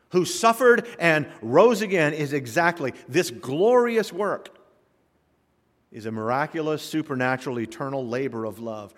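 A man with a slightly high voice preaches a sermon in a church sanctuary. He reads scripture line by line, swings from loud emphatic rises to quiet drops, and his voice rings with a long hall reverb. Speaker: pastor.

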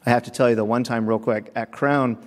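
A man preaching a sermon, telling lively stories with acted-out voices and frequent chuckles, in a church. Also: mid-range voice, fairly quick. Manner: animated storytelling, acts out voices, chuckles often. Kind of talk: sermon with humorous anecdotes. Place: church sanctuary. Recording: long reverb of a church sanctuary.

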